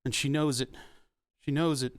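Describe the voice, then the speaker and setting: A man streaming from his workshop in casual chat, talking to his puppy in a high sing-song baby voice and laughing often. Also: steady tone, moderate pace, no echo.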